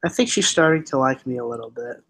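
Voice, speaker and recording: An excitable young male streamer rambles through casual chat, filling pauses with likes and ums. His voice rests at an ordinary middle pitch. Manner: rambling, excitable, many fillers.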